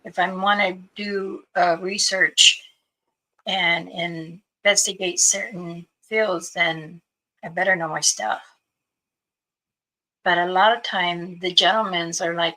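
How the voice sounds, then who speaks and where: A woman's voice: on the low side, steady tone, slow, sharp tone, poor audio. A woman hosting a livestream, chatting casually with viewers and telling stories in a loose, rambling way. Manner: chatty storytelling, greeting viewers. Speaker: livestream host.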